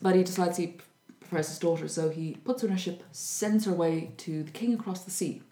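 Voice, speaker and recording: In an echoey room, a woman casually retells a folk tale, acting out the characters' voices in a lively way. Her voice is on the low side and her pace brisk.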